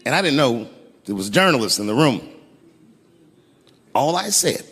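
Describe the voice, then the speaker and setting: A middle-aged man doing a stand-up comedy set on stage, telling a story with sudden high yelps and low hushed asides. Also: sing-song, moderate pace. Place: large theater stage. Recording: live hall with long reverb.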